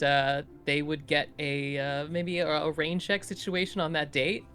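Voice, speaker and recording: A man casually recapping the last tabletop role-play session for the group, in an animated storytelling way. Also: fairly high pitch. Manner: animated storytelling, playful voices in quotes. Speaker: player giving a recap.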